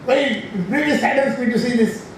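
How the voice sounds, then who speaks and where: A man's voice: extremely high pitch, a little fast, far from the mic, slight background noise. Elderly Indian man in an echoey hall. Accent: Indian English. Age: 80s. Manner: rambling, anecdotal, frequent restarts and self-corrections. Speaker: scientist giving an inaugural address. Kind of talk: informal speech. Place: large lecture hall.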